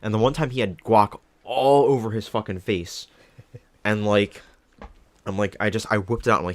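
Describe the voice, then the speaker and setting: A young man with a fairly low voice, chatting casually as a podcast co-host. He rambles through anecdotes, swears a lot, and mimics the people in his stories. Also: steady tone, normal speed, no echo. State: ice in mouth. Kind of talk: casual chat.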